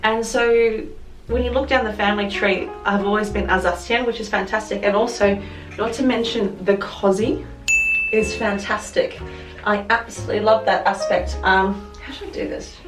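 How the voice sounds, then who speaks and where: Chatting to camera in an echoey room at home, an Australian woman vlogger rambles and corrects herself mid-sentence. She has a medium pitch, fairly even intonation, and moderate pace, heard from a distant mic with music behind.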